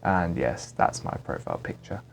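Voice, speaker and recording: A man's voice: deep voice, sing-song, normal speed, creaky, slight background noise. A man giving casual, jokey commentary while playing a driving game, talking to himself as he plays. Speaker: gaming commentator. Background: background music.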